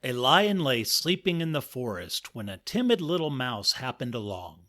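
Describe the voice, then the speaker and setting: A man hosting a comic story podcast, narrating in a dry, measured way with playful emphasis. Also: mid-range voice, very animated, bright, forceful tone, soft background music.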